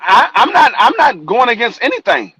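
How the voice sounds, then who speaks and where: A man's voice: very high-pitched, big pitch swings, moderate pace, gravelly, sharp tone, husky, no room sound, poor audio. A man on an online debate panel, combative and repeating his point, talking over a video call.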